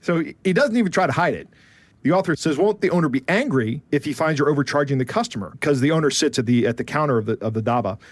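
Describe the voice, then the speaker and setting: A man's voice: fairly high pitch, animated, fast talker, no echo. A man co-hosting a podcast, casually retelling a story he read, with frequent asides to his co-host.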